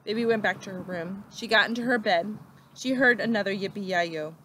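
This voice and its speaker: A teacher reading a children's book aloud with expressive, steady storytelling. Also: female voice, mid-range voice, normal speed, slight background noise.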